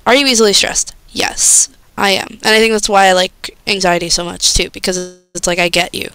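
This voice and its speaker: A woman's voice: mid-range voice, fairly even intonation, a little fast, vocal fry, a bit bright, clean tone, dry recording. A young woman chatting casually on a live stream, bubbly and gushing, often squealing with delight.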